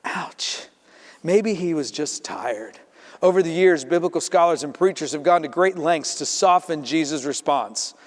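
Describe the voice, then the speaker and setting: A man preaching a sermon as pastor, telling the story in a lively way and acting out the voices in it. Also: fairly high pitch, moderate pace. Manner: storytelling, acts out voices in quotes. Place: church sanctuary. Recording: reverberant church sanctuary.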